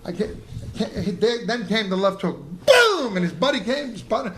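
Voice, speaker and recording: A man's voice: high voice, moderate pace, roomy sound. A middle-aged man, a podcast guest and former boxer, telling profane stories live on a club stage and acting out the people in them. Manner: profane, animated, acts out the people in his stories. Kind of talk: live storytelling. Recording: noisy live club recording.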